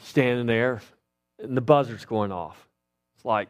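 A man's voice: medium pitch, unhurried, pauses often, smooth. A middle-aged man preaching a sermon as pastor, talking conversationally and asking the congregation rhetorical questions.

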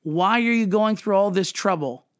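A man hosting a podcast, talking fervently and emotionally in a preachy devotional way, quick, then slowing on emphatic words. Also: high voice, clear, resonant tone, no echo, clean studio sound. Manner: fervent and emotional, restarts and apologizes. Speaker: podcast host.

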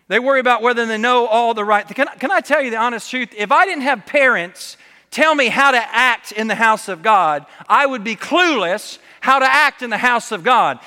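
A man preaching a sermon in a church, in an animated way, acting out voices when he quotes people. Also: very high-pitched, big-room sound. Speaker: pastor. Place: church sanctuary.

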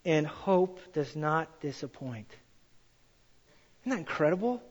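A man preaching a sermon in a church hall, telling stories with animated, acted-out quotes. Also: a little high, slow pace, breathy edge. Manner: animated storytelling, acts out quoted voices. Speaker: pastor. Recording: dull sound in a hall with long reverb.

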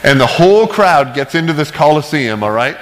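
A man's voice: fairly high pitch, sing-song, a little fast, long reverb tail, poor audio. A male pastor preaching a casual, conversational sermon with chatty, self-deprecating asides and frequent "right?" checks.

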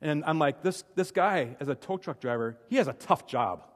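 A man's voice: a little high, lively intonation, normal speed. Chatty preacher man in echoing hall. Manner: chatty, self-deprecating, frequent restarts. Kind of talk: conversational sermon with personal stories.

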